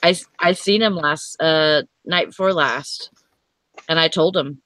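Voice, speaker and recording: A woman's voice: sits low, measured pace, a bit bright, no room sound, low-quality recording. A woman co-hosting a live online show in casual chat, telling stories and acting out the dialogue. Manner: chatty storyteller, acts out quoted dialogue. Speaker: co-host of a live reseller show.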